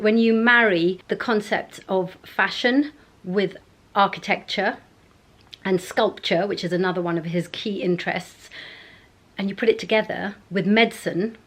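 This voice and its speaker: A woman talks straight to her camera at home, casual and rambling, chatting away while she goes through her routine. Her voice sits at an ordinary, middle pitch for a woman. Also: low-quality recording. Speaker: beauty vlogger. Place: at home, indoors.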